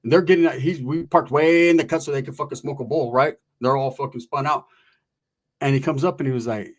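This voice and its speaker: Animated man telling a street story. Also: on the high side, fairly quick. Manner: animated, slangy, acts out quotes of others.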